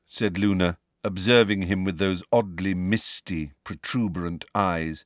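A man narrating a novel as an audiobook, with expressive, varied storytelling. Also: sits low, normal speed, no room sound, clean studio sound.

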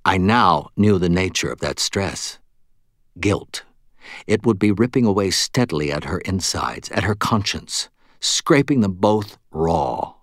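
A man narrating an audiobook in the first person, measured and understated. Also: animated, no echo, clean studio sound. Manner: measured, understated and low-key.

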